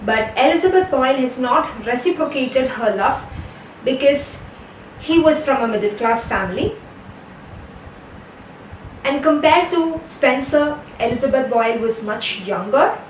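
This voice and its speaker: An Indian English woman with a high voice lectures on literature for a class video, explaining patiently and correcting small slips. Her voice comes from a little way off in a roomy, echoing space with faint background hum. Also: a little slow. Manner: explanatory, steady, with occasional self-corrections. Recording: echoey room, voice from a distance, faint ambience.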